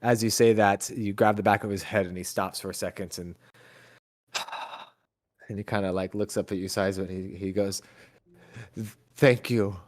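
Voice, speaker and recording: A man narrating a tabletop game as game master, halting and hesitant, with many fillers and restarts. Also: lowish voice, level tone.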